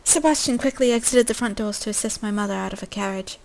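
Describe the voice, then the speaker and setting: A woman's voice: medium pitch, quick pace, vocal fry, background noise. A young woman reading a story game aloud in a casual way, breaking off with swearing, jokes and coughs.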